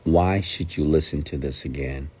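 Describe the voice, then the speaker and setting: A man's voice: rumbling low, moderate pace, warm tone, husky. A man giving a motivational rant who talks emphatically, repeats his points and asks rhetorical questions. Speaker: motivational speaker.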